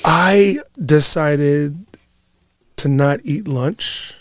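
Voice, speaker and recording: A man's voice: fairly high pitch, extremely slow, dry recording, studio quality. A young man hosting a podcast, telling stories in casual chat with lots of laughter and swearing. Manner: profane, giggly storytelling. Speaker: podcast host.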